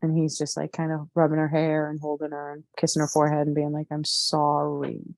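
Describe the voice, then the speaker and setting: A woman as a therapy client, talking haltingly and repetitively through an emotional memory, with many fillers. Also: deep voice, monotone, dark tone, no room sound. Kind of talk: emotional guided recall.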